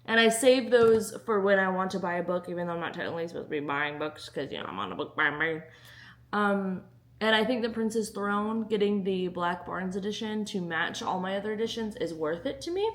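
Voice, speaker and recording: A woman's voice: medium pitch, animated, brisk. A young woman chatting casually in a book vlog, bubbly and giggly. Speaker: book vlogger.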